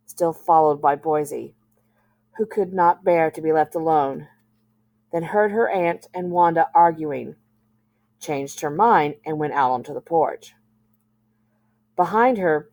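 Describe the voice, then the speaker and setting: Low-voiced woman reading a novel aloud. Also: darkish tone, dry recording. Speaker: school librarian.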